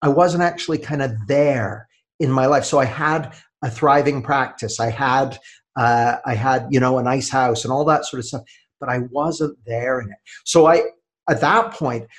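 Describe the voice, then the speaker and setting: Thoughtful, measured man being interviewed. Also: medium pitch. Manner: thoughtful, measured, trailing off softly. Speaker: author and guest. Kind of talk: reflective interview talk.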